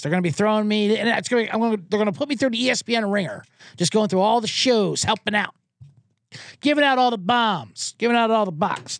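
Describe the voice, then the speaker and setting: A male sports host rambles through a casual solo monologue, cursing freely. His pitch swings widely as he talks. The sound is close and dry, with no room echo. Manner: rambling and profane, with animated impressions.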